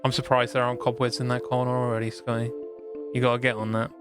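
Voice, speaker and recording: A man's voice: medium pitch, completely flat delivery, fast. A man chatting loosely as he streams a game, rambling and self-deprecating. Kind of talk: gaming stream commentary. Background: game music.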